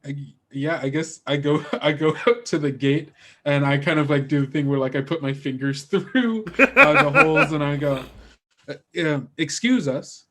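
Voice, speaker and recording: A man's voice: on the high side, normal speed, pushed and bright. Hesitant, giggly male player. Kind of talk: tabletop role-play.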